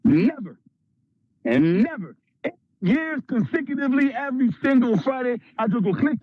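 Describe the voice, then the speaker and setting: A man from Canada giving an energetic motivational talk at a sales training, acting out little skits in put-on voices. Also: very high-pitched, normal speed, no room sound, dull audio.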